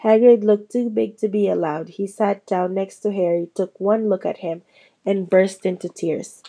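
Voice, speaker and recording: A woman reads a novel aloud in a plain, unpolished way, with small slips now and then. Her voice is mellow and warm. The pitch sits in the middle. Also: steady tone, moderate pace, low-quality recording. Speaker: reader.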